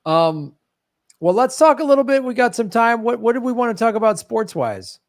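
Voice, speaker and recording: A man's voice: very high voice, very animated, normal speed, no room sound, studio quality. A man from Chicago hosting a podcast, riffing in casual chat with emphatic remarks. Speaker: podcast host.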